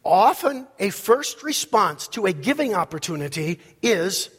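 A man's voice: sing-song, a little slow, few pauses, slightly rough. Male pastor preaching with emphasis, in a reverberant sanctuary. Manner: emphatic preaching, swinging between loud peaks and low asides. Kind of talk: sermon.

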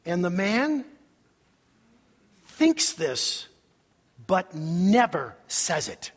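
Animated preacher in a big hall. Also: male voice, high voice, drawn-out words, slightly rough. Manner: animated preaching with acted-out quotes. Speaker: pastor. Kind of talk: sermon. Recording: long hall reverb.

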